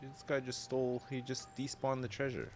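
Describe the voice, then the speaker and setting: Delivered at normal speed in a monotone, medium-pitched voice, this man's casual gaming-stream chatter comes with background noise. In his thirties and streaming from home, he rambles loosely, talks with viewers, answers chat, and swears without much thought.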